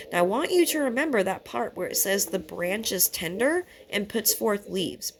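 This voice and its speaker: A woman's voice: mid-range voice, expressive, moderate pace, few pauses, noisy background. Woman reading and teaching scripture. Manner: reads scripture aloud, then explains it casually with fillers. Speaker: Bible teacher.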